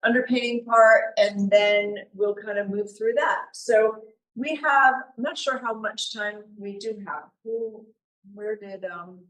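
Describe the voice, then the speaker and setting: A woman giving a live painting demonstration to an audience, talking in a relaxed, chatty way and thinking aloud as she works. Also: mid-range voice, unhurried. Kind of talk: live art demonstration talk. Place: meeting room with an audience. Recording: echoey room recorded from far off.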